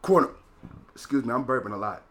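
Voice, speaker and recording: A young man, a poet talking casually as a podcast guest, animated and swinging between loud laughing bursts and low quiet storytelling. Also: a little fast. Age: young adult. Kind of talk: casual conversation.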